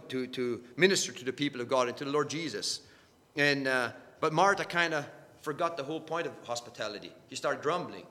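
Earnest preacher in an echoing hall. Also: male voice, on the high side, sharp tone. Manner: halting, repeats words, earnest. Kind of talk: sermon. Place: church meeting hall. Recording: long hall reverb.

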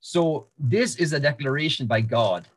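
Preaching a sermon, a man works through Bible verses, often restarting, repeating words and using fillers. He speaks at a moderate pace in a mid-range voice with a breathy edge.

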